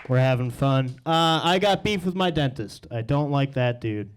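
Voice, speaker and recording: A man's voice: medium pitch, normal speed, clean tone. Young man doing a stand-up set. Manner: deadpan storytelling, crude punchlines. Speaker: stand-up comedian. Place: comedy stage with live audience.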